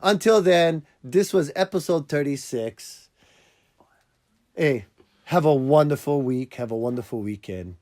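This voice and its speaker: A man's voice: a little high, lively intonation, measured pace, a little mellow. A man hosting a casual podcast, rambling and joking with frequent laughs. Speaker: podcast host.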